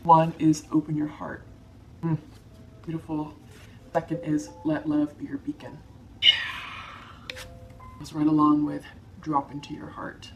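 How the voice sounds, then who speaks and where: A woman giving a tarot card reading to her viewers, soft-spoken, emotional and reassuring. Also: deep voice, completely flat delivery, measured pace, long pauses, faint music behind. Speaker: tarot reader.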